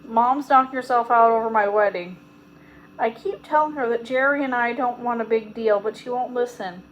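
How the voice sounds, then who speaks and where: A woman reading aloud voices a weary young bride-to-be sister speaking in a hush. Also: on the high side, moderate pace, highs cut off, slight background noise, lightly acted. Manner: hushed, weary.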